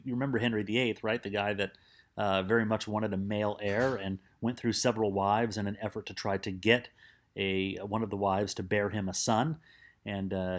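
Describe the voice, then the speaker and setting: A man teaching a recorded psychology lecture in a conversational way, with many fillers and restarts. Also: fairly low pitch.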